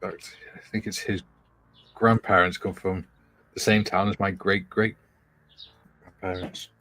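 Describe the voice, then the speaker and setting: Deep-voiced man with dry humour. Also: little pitch movement, a little slow, a bit bright, soft background music. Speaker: guest model builder. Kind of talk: casual livestream chat.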